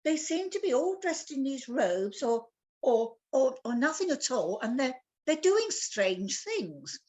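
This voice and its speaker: A woman in her seventies voicing a gentle, wondering goddess in a told tale, speaking slowly and softly. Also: sits high, big pitch swings. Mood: puzzled.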